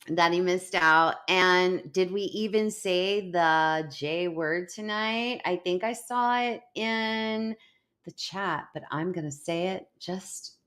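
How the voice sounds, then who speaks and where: A woman's voice: lowish voice, fairly bright tone. A middle-aged woman hosting a live online show, chatting casually and laughing as she rambles through stories. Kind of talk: casual live-stream chat.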